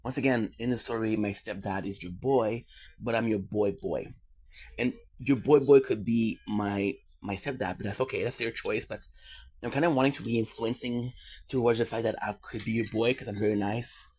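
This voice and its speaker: A man's voice: on the low side, normal speed, a little mellow, husky. A man from Quebec, Canada, in a casual streamer monologue, rambling on goofy side tangents with swearing and jokes.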